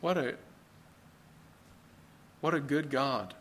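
A man's voice: mid-range voice, slow, a bit bright. Earnest male pastor preaching conversationally. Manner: asks the congregation rhetorical questions; earnest, plain-spoken preaching. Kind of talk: conversational sermon.

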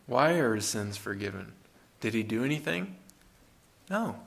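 A man's voice: medium pitch, big pitch swings, unhurried, creaky, a bit bright. A man preaching a sermon in an earnest, conversational way, with rhetorical questions and frequent restarts.

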